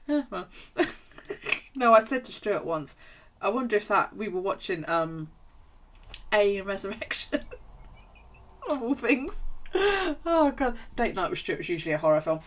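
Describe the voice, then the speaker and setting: A woman's voice: mid-range voice, a bit bright. A woman chatting casually on a live stream, rambling through stories and swearing freely. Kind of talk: casual chat while journaling on stream.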